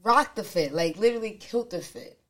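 A woman's voice: medium pitch, a little fast. A woman co-hosting a podcast, telling a story in casual chat and acting out what others said. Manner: animated, acts out quotes. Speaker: podcast co-host.

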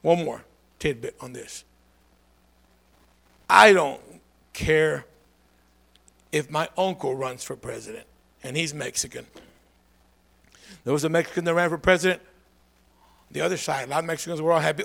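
A man preaching a lively call-and-response sermon, swinging from low asides to shouted calls for a response. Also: moderate pace, gravelly, long pauses.

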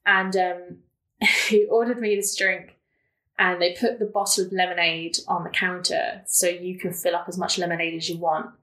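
A woman's voice: lowish voice, level tone, normal speed, a bit bright. A young woman telling stories in casual chat as a podcast guest, laughing often and full of fillers. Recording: roomy echo.

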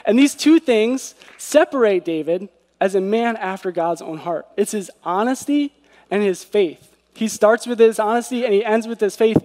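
A man's voice: high voice, moderate pace, a little mellow. A man giving an earnest devotional sermon who often asks rhetorical questions. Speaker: preacher. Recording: long hall reverb.

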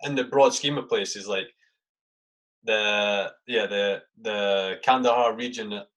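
A man's voice: fairly low pitch, takes it slowly, fairly bright tone. A man, a soldier, casually telling stories in a podcast chat, swearing constantly and saying mate a lot.

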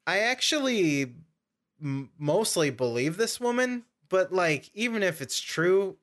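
A young man with a fairly high-pitched, fairly bright voice hosts a casual podcast chat. He tells a long, meandering story and keeps correcting himself along the way.

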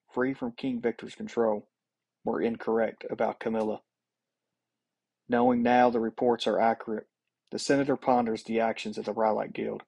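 A man narrates a scripted sci-fi audio story in a steady, dramatic manner. His voice is husky and sits at a middle pitch.

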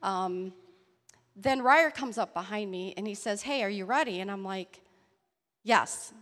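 A woman's voice: medium pitch, in a large hall. Earnest woman telling a testimony. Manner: earnest, halting storytelling with restarts and soft laughs. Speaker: church member sharing a testimony. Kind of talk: personal testimony story. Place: church hall.

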